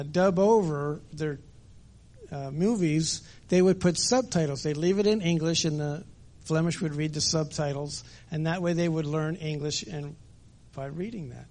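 A man's voice: fairly high pitch, darkish tone. A middle-aged man giving a conversational sermon at church, telling stories with many fillers. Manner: conversational storytelling with frequent fillers. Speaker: preacher.

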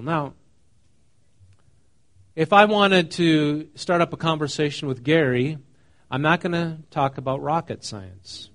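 A man's voice: fairly high pitch, measured pace, a bit bright. Conversational man preaching a sermon. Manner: conversational, asks the congregation questions; reads scripture then explains it casually. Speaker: pastor.

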